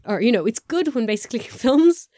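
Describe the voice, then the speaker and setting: A woman's voice: a little high, very animated, brisk, dark tone, no echo, studio quality. A woman co-hosting a podcast, chatting casually about films, laughing often and restarting her sentences. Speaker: podcast co-host. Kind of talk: casual film chat.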